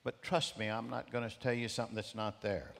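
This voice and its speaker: A man's voice: fairly low pitch, level tone, fairly quick, creaky, fairly bright tone. Male guest preacher, emphatic sermon delivery, repeats lines, big-hall reverb. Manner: emphatic, repeats key phrases. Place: large church auditorium. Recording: long reverb of a large hall.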